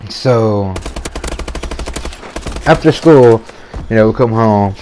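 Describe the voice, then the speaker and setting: A man's voice: lowish voice, measured pace, long pauses, darkish tone, slight background noise. A man in his twenties hosting a gaming channel, telling a story casually over gameplay in a laid-back, slangy way and swearing freely.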